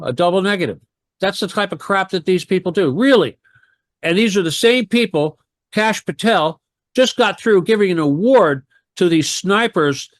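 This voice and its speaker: A man's voice: high voice, dry recording, studio quality. Heated rambling man on talk radio. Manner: rambling, heated, rhetorical questions. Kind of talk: radio talk show conversation.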